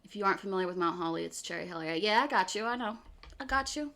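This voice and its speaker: A woman streamer from outside Philadelphia, on the US East Coast, chats casually with her viewers in a Philly accent. She's animated and talkative, laughing often and repeatedly saying "okay." Her mid-range voice is creaky and rapid-fire.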